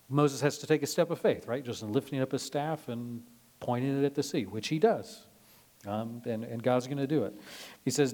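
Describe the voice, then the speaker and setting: A man's voice: medium pitch, moderate pace, mellow. A male pastor giving a casual, conversational sermon, full of fillers and dramatized quotes. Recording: long reverb of a large hall.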